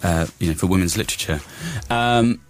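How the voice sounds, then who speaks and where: A man's voice: sits low, brisk, a little hiss or hum. A young man from the UK, a guest actor chatting enthusiastically in a radio interview, rambling and restarting his sentences. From United Kingdom. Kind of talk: casual radio interview chat.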